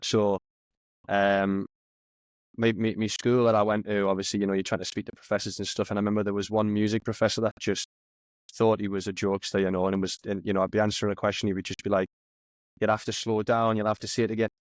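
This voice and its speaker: A man's voice: on the low side, flat delivery, fast, dry recording. Chatty Geordie man, dry close mic. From northeast England. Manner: chatty banter, heavy local slang. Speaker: podcast guest, soccer captain. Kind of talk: casual chat.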